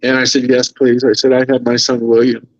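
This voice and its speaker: A man's voice: medium pitch, monotone, brisk, dry recording, dull audio. A man telling an emotional story as a podcast guest, earnest and moved, quoting others in his own voice.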